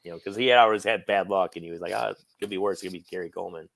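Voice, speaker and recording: Low-voiced man retelling stories. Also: racing, gravelly, fairly bright tone, no echo. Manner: retells phone calls, acting out both sides of the talk. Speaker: guest, friend and manager recounting memories. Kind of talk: casual storytelling in a podcast chat.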